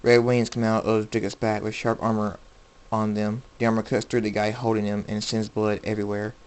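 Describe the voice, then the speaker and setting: A man reading aloud a story he wrote himself, in a plain, unhurried amateur delivery with small slips. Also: on the low side, flat delivery, clean tone, poor audio.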